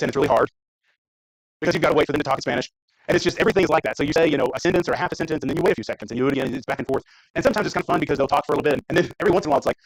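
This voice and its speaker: A man preaching a casual, conversational sermon in church while showing mission trip photos, talking fast and often restarting his sentences. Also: fairly high pitch, no echo, low-quality recording. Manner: fast, conversational, self-interrupting. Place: church sanctuary.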